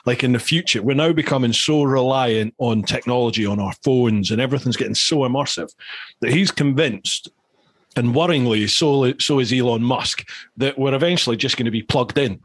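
Host: man, chatty and teasing, middle pitch, close dry mic. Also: dry recording. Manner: chatty, teasing, quick interjections. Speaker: podcast host. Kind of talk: casual interview chat.

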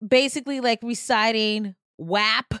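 A woman's voice: on the high side, unhurried, bright, forceful tone, no echo, clean studio sound. A woman in her thirties hosting a podcast in casual chat, giggly and playful, joking in mock slang. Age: 30s. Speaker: podcast host. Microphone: studio mic.

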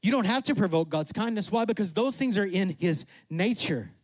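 High-voiced animated preacher, dry sound. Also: male voice, no room sound. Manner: animated preaching, acting out God and Moses in quick asides; drops to a soft, low voice for emphasis. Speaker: pastor. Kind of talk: sermon.

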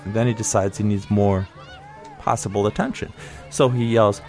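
A man's voice: lowish voice, moderate pace, a little mellow, soft background music. A middle-aged man telling a childhood story in a conversational, wry, nostalgic way. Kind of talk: personal storytelling.

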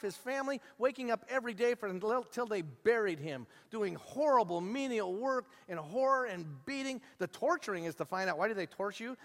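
Male pastor, high voice, lively storytelling sermon, long church-hall reverb. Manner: animated storytelling, acting out the characters' voices.

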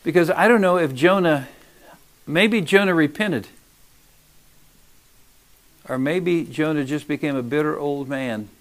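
A man preaching a sermon, emphatic, swinging between loud urging and hushed asides. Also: on the high side, measured pace, long pauses.

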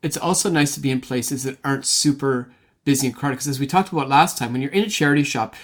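Brisk man interviewing a guest. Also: mid-range voice. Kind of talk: casual interview chat.

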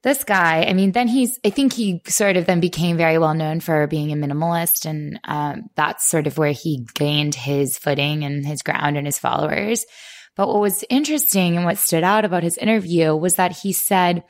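Low-pitched woman chatting on a podcast. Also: moderate pace. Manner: chatty, reflective, many likes and restarts. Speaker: podcast co-host. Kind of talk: casual podcast chat.

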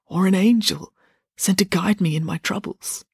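Narrator playing a haunted young prince, hoarse and frightened, dry room. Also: medium pitch, fairly even intonation, moderate pace, no room sound, voice pushed up. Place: home office.

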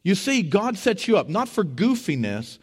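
A man preaching a sermon as pastor, telling stories with humor and swinging between loud bursts and hushed asides. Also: high voice, sing-song, moderate pace, slightly rough. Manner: tells stories with humor and acts out quotes.

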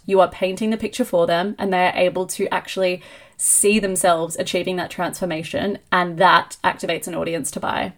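A woman hosting a solo business podcast, talking in an energetic, emphatic coaching tone. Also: mid-range voice. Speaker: podcast host and marketing coach.

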